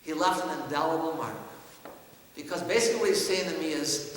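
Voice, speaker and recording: A bright, high-pitched man gives a motivational talk to a live audience. His delivery swings between loud acted-out dialogue and hushed asides, and his voice rings around a large, echoey hall. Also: fairly quick. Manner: animated storytelling, acting out dialogue with sudden loud and soft swings. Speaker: motivational speaker.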